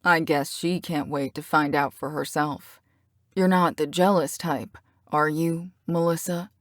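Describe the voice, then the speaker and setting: A woman's voice: low-pitched, fairly even intonation, measured pace, no echo, studio quality. A woman voicing a cocky teasing bad boy. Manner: teasing, smooth, full of innuendo. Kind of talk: audiobook character reading.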